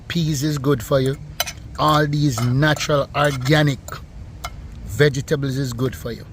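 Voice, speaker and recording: A young man with a Jamaican accent bantering playfully with his mother while she cooks, giving shout-outs to viewers. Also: mid-range voice, steady tone, a little slow, noisy background. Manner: playful, joking, shouts out to fans. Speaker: co-host, son of the cook. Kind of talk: casual cooking vlog banter.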